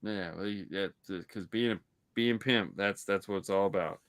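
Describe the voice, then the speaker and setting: With a deep, fairly bright voice and a moderate pace, this man co-hosts a casual movie-review podcast. He tells rambling stories and keeps restarting his sentences.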